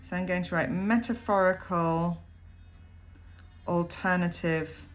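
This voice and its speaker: A woman with a fairly low voice talks through a poem like a teacher in a recorded lesson. She fills pauses with ums and pauses to jot notes as she explains. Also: fairly even intonation. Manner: thinks aloud, frequent ums, annotates while talking. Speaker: literature teacher. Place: at a desk writing notes.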